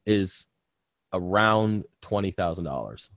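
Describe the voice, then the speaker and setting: A very low-voiced man chats loosely on a live stream, piling on ums and uhs and dropping casual swear words. A bitten tongue gives him a slight lisp. The sound is close and dry, with no room echo. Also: a little slow. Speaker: reef aquarium channel host.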